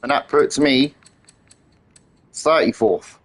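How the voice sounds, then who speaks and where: A man chatting excitedly on a live game stream, swearing freely and trading teasing banter with his friends. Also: medium pitch, slow pace. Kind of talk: live-stream gameplay chat.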